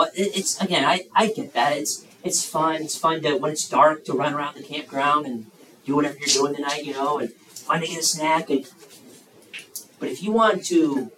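A man's voice: on the high side, reverberant, far from the mic, slight background noise, rough recording. A man preaching to children at a youth camp, asking them questions and acting out the voices in the story. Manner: animated, acts out the story's voices, asks the kids questions. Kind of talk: sermon to children. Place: large room at a campground.

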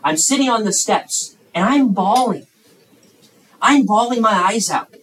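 Impassioned high-voiced man preaching. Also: expressive, measured pace, far from the mic, low-quality recording. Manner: impassioned, swings between loud emphasis and hushed asides. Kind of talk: sermon to young people.

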